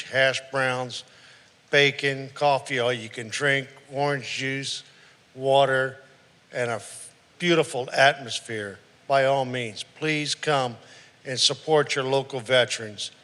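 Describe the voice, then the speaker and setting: A man's voice: bright, forceful tone, clean tone. A man, speaking for a veterans' group, giving an upbeat community announcement in a reverberant council chamber. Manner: upbeat, listing items like a pitch.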